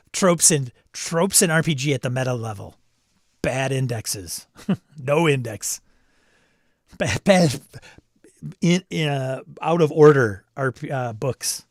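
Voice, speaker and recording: On a live stream, a male host with a mid-range voice reads the chat aloud, talking casually and laughing a lot. There's no echo, and the studio sound is clean.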